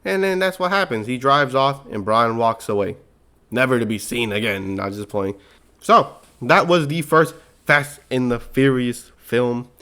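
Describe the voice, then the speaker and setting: A man's voice: mid-range voice, a little slow, clear, resonant tone. Slangy young man recapping a movie. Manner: slangy, animated storytelling with quoted lines.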